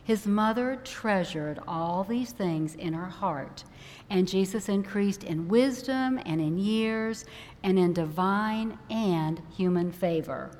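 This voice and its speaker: Woman, minister, conversational sermon, mid pitch, long hall reverb. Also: takes it slowly, slight background noise. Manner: conversational, animated when acting out a worried parent.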